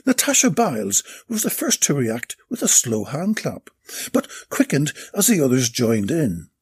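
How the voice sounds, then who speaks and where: A man with a gravelly, raspy voice narrating a comic story in a deadpan way. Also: medium pitch, unhurried.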